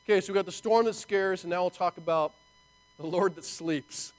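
High-voiced animated male preacher. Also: normal speed, low-quality recording. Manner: animated, conversational preaching with rhetorical asides. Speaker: pastor. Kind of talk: sermon.

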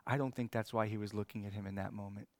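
A man preaching a sermon in an earnest way that swings from emphatic to hushed. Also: fairly low pitch, steady tone, quick pace, no echo.

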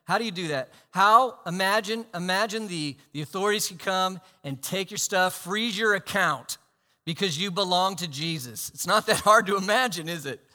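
Pastor preaching a sermon, high bright voice, animated and dynamic, reverberant church hall. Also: male voice, normal speed. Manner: animated, swinging between loud emphasis and hushed asides.

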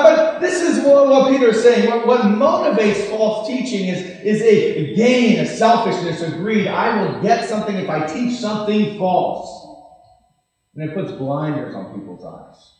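A man's voice: sits high, expressive, unhurried. Dramatic preacher man in echoey hall. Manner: dramatic, swinging between loud emphasis and hushed asides. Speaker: pastor. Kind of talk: sermon.

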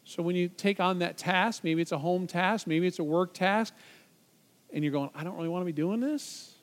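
A man's voice: sits high, normal speed. A man preaching a sermon as pastor, emphatic, his voice rising sharply when he quotes scripture. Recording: long hall reverb.

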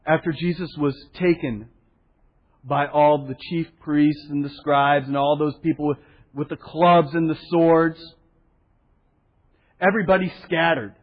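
A pastor preaching a sermon, telling the story with animated voices for the people in it and a soft hush for solemn points. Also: male voice, on the high side, unhurried, long pauses. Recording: dull sound in a hall with long reverb.

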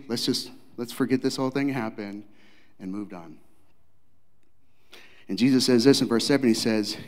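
A male pastor preaching a dramatic sermon, acting out scenes, swinging from loud to hushed. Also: mid-range voice, normal speed, long pauses, big-room sound.

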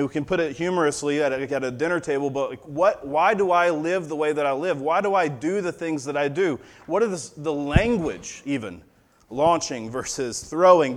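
A male pastor in his thirties reading scripture, then preaching in a relaxed storytelling way with a fatherly touch of humor. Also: a little high. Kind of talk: sermon.

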